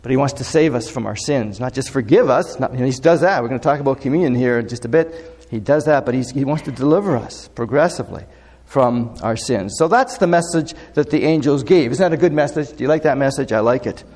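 A man's voice: mid-range voice, expressive, brisk, a little mellow. A man preaching a sermon in a church, talking conversationally with plenty of fillers and questions to the congregation. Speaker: pastor. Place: church sanctuary. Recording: long echo of a large hall.

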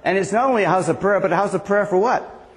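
The pastor, a man in his sixties, talks at a quick pace in a high voice. He tells stories in a casual sermon, chatting along with many restarts, and the hall's reverb echoes around him.

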